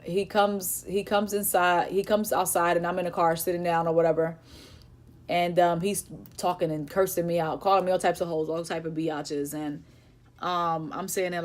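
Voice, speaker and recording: A young woman, telling a personal story in a casual, halting, emotional way with many fillers. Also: lowish voice, flat delivery. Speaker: vlogger.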